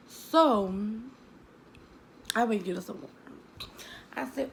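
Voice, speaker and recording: A woman's voice: fairly high pitch, expressive, slow pace, creaky, long pauses, slight background noise, rough recording. A woman telling a story from her school days to her viewers in a chatty, dramatic way, calling them girl and baby. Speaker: storytime vlogger.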